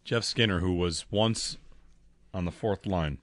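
A man's voice: low-pitched, measured pace, dry recording. A man co-hosting a casual sports talk show, telling wry stories. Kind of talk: casual sports radio chat.

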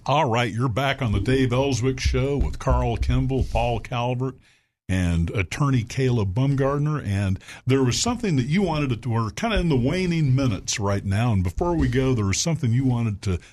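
A man's voice: medium pitch, lively intonation, moderate pace, a little mellow. A man sitting in as host of a radio talk show, chatting with guests and callers and moving the show along. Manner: conversational, moves the show along.

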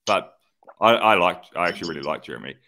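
Low-voiced New male co-host, relaxed banter, quick animated interjections. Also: slight background noise. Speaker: podcast co-host, former racing cyclist. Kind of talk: casual chat.

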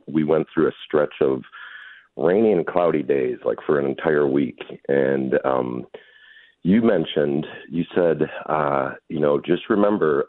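A man in his fifties speaks from a phone line in a very deep, low voice. He talks earnestly and gratefully, with plenty of "uh" and "you know". The call sounds tinny and dry. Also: no echo. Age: 50s. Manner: earnest and grateful, with many fillers. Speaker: caller. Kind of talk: call-in radio chat.

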